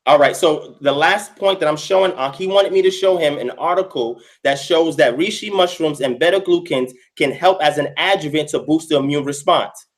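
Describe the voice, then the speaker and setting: A man with a fairly high voice presents his sources over a video call. He keeps asking to be heard, earnest and a bit exasperated. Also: normal speed, hardly any pauses. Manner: earnest, pleading to finish his point. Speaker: debater. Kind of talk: heated online debate.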